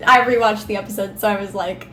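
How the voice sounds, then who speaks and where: A woman guest on a casual podcast, animated and quick to laugh, often restarting her sentences. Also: medium pitch, echoey room. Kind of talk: casual chat.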